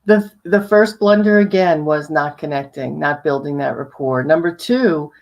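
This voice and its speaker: A woman originally from New York, coaching viewers on presenting, with big upward pitch swings for emphasis and frequent rhetorical questions. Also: normal speed, darkish tone. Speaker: guest speaker on sales presentations.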